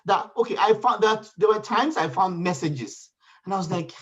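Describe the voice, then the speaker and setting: Man telling a story, slightly high. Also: brisk, husky. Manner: animated storytelling, acts out quoted voices. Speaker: panel guest. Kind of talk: casual panel chat, personal story. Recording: dull lo-fi sound.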